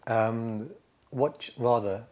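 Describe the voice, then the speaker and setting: A man's voice: medium pitch, drawn-out words, a little mellow. A man asking oral history interview questions, careful and rephrasing as he goes.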